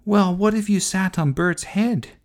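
A man's voice: sits high, unhurried, voice pushed up. A man voicing a curious, eager little boy in a storybook reading, asking wondering questions.

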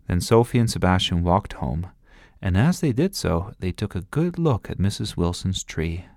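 Deep male storyteller, very slow, dry close sound. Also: big pitch swings, a little mellow, dry recording. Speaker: narrator. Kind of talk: children's story reading.

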